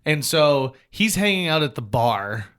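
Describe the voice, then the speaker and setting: A man from Fargo with a North Dakota accent, telling a lively anecdote on a casual talk show. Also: on the high side, measured pace, clear, resonant tone, soft background music. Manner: animated anecdote telling with quoted voices. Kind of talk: casual storytelling.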